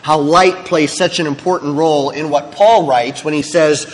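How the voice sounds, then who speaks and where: A man's voice: on the high side, fairly even intonation, normal speed, big-room sound, poor audio. A male pastor delivering a sermon in a candid, conversational way, with frank asides.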